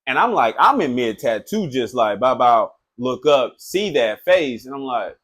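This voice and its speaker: A man who works as a tattoo artist, telling a story in a loose, animated, profane way, full of filler phrases. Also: medium pitch, unhurried. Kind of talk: casual storytelling.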